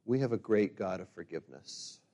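A middle-aged man preaching a sermon as a pastor. He builds to loud, emphatic peaks and then drops to quiet, reflective passages. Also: low voice, animated. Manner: reads scripture slowly and forcefully.

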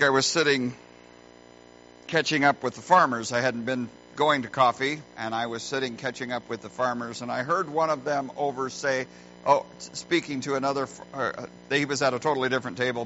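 A middle-aged man preaching a sermon as a pastor, earnest and folksy, telling stories with deliberate pauses, recorded in a church. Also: medium pitch, steady tone, sharp tone. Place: church sanctuary. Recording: muffled lo-fi recording with faint hum.

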